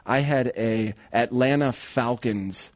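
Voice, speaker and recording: An animated young man co-hosting a radio talk show. He tells a story casually in a mid-range voice and keeps jumping into voices for the people in it. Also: medium pitch, slow. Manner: animated, acts out voices in his stories.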